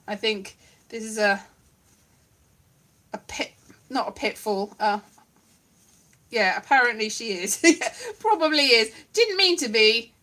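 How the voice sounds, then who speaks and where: A woman's voice: on the high side, bright, forceful tone. A woman at home giving a rambling, giggly comic monologue with puppets, often mocking herself. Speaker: comedian doing a solo online show.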